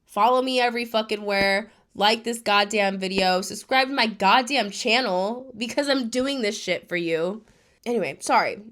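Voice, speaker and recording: A woman's voice: medium pitch, normal speed, a bit bright. A young woman recapping a reality show to her viewers, ranting in exasperation and swearing often.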